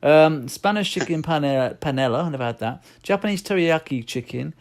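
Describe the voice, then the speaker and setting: An English man co-hosts a casual podcast, reading out lists and joking around. His voice sits a little high and swings up and down a lot. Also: lively intonation, normal speed. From United Kingdom. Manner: jokey, reads lists aloud, slips into a mock cockney voice. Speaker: podcast co-host. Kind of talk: casual chat.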